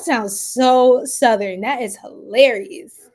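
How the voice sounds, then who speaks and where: A woman's voice: a little high, lively intonation, unhurried. Playful laughing woman on a live stream. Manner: playful, laughs often, chats with the chat, exclaims loudly. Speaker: tarot reader streaming live. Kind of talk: casual live-stream chat with viewers.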